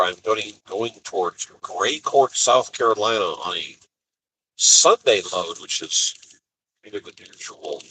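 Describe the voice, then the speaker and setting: In a fairly low but bright and forceful voice, a man driving a cargo van on the highway recounts his annoying morning for his vlog. He's an expedite van driver, telling it with exasperation and acting out the quotes. Slight background noise comes through on the poor audio.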